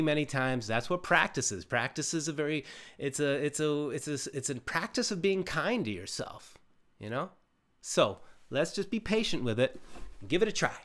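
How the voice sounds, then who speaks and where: A man teaching a live ukulele lesson in a calm, encouraging, gently meditative way. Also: medium pitch. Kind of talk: live-streamed music lesson.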